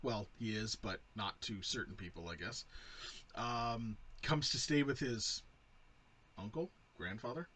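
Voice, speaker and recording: A man's voice: on the low side, unhurried, pushed and bright, husky. A man co-hosting a casual movie review podcast, swearing freely and rambling through a plot summary with frequent laughs. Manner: profane, rambling, laughs often. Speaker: podcast co-host.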